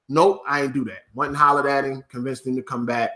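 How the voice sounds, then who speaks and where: A man's voice: a little high, fast talker, few pauses, bright, forceful tone. A man ranting on his video channel, swearing often and hammering the same points over and over. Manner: profane, repetitive, emphatic ranting. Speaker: YouTuber. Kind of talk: vlog rant to camera.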